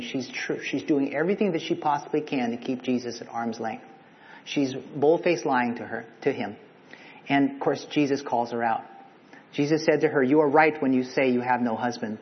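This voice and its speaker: Male preacher, chatty sermon, long echoey hall, dull lo-fi sound. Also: medium pitch. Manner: conversational, asks the listeners questions.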